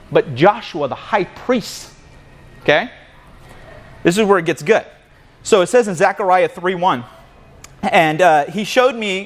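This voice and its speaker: A man's voice: on the high side, a bit bright. A man giving a casual sermon at a men's breakfast in a coffee shop, telling a story with lots of animation and often calling his listeners "man.". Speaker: guest speaker at a men's breakfast.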